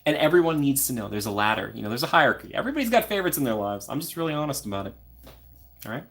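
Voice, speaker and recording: A man's voice: mid-range voice, sing-song, very fast, fairly bright tone. A young man from Minnesota hosting a casual live stream, chatting and answering viewer comments by name. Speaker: livestream host.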